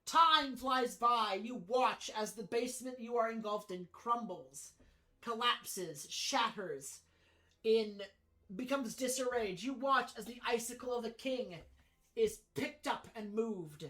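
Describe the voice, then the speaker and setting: A woman's voice: a little high, slow, pushed and bright, poor audio. A woman running a tabletop game as game master, narrating dramatically with frequent restarts.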